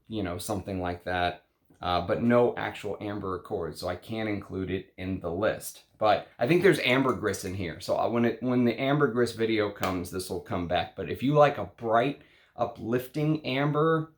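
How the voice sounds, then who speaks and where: A man talking casually to his viewers about perfumes, chatty and emphatic, with frequent fillers and restarts. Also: on the low side. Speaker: fragrance reviewer. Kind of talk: casual perfume review monologue.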